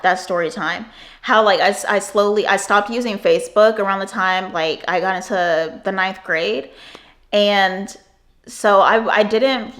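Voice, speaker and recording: A young woman in her twenties tells a personal story to camera in a casual, rambling way. Her talk is full of "like" fillers and she swears often. Her voice sits in an ordinary middle pitch. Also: a bit bright. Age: 20s. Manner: rambling, profane, many "like" fillers. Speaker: vlogger.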